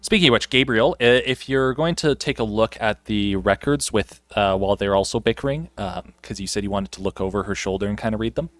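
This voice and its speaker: A man with a lowish voice serves as dungeon master, laying out the scene at an easy pace. He leans on plenty of ums and uhs as he narrates. His voice sounds close and dry, with no room around it. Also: brisk, few pauses, dry recording. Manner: descriptive, filler-laden narration. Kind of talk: narrating a tabletop game.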